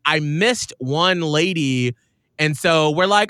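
Radio host guy, bright tight voice, dry close sound, kinda high, tells stories and does the voices. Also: slow pace, smooth, dry recording. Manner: animated, acts out quoted voices. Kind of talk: casual storytelling chat.

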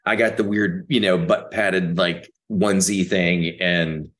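A man who is an actor, a guest on a podcast, telling stories in a loose, profane, animated way. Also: sits low, a little slow. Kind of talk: casual interview chat.

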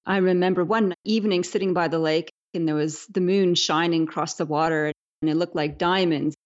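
A woman's voice: fairly low pitch, fairly even intonation, brisk, highs cut off. A Canadian woman, a leadership speaker, joining a podcast interview remotely and reflecting on adventure.

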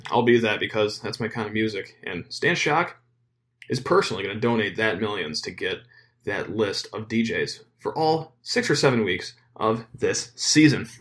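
Sports podcast guy, super lively up and down delivery, joking around. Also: lowish voice, moderate pace. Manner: energetic, joking, animated. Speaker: podcast host. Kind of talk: casual sports podcast talk and ad read.

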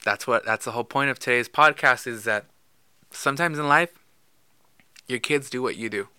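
Bright, clear-voiced man telling a story. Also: mid-range voice, normal speed, dry recording. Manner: storytelling, many fillers and restarts. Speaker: podcast co-host. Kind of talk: casual chat.

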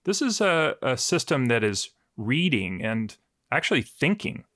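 A man reporting and explaining on a conversational news podcast, relaxed and easygoing, with a joking streak. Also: medium pitch, measured pace, no room sound, studio quality.

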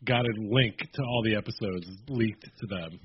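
A man co-hosting a podcast in casual chat, steering the talk in a relaxed way. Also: fairly low pitch, normal speed, slight background noise. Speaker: podcast co-host. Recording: dull lo-fi sound.

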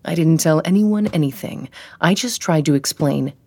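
A woman reading an audiobook, voicing a smug, pushy man who keeps justifying himself in a glib, quiet way. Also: deep voice, normal speed. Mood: pleading. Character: male ex-boyfriend, smug, pushy, self-justifying.

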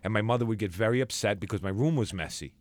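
A man's voice: fairly low pitch, fast talker, dry recording. A man in casual chat, telling comic stories and laughing often. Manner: animated, laughing storyteller. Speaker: podcast co-host.

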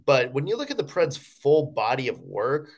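Lively man breaking down hockey play. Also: mid-range voice, normal speed, creaky. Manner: lively, joking analysis with many "you know" fillers. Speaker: podcast co-host. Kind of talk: casual sports podcast chat.

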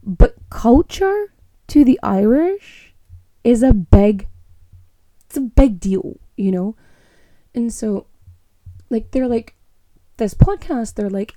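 A woman's voice: fairly high pitch, lively intonation, takes it slowly, pauses often, mellow, no echo. A young woman with a Scottish accent, hosting a podcast in a casual, opinionated monologue and rolling her R's. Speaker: podcast host.

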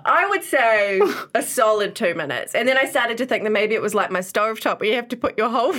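A young woman co-hosting a casual podcast, telling stories with animated, laughing delivery. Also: on the high side, quick pace. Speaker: podcast co-host. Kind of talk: casual chat.

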